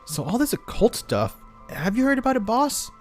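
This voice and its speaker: A man's voice: very animated, normal speed, a little mellow, faint music behind, heavily acted. A man voicing a curious, teasing young male detective in a mystery game, with a lifted, eager tone. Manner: eager, curious, raised pitch.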